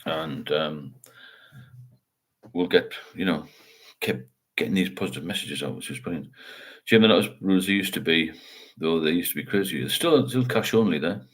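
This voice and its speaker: A man's voice: deep voice, moderate pace. A middle-aged man, hosting a casual livestream chat and rambling while he reads out viewer comments. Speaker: livestream host.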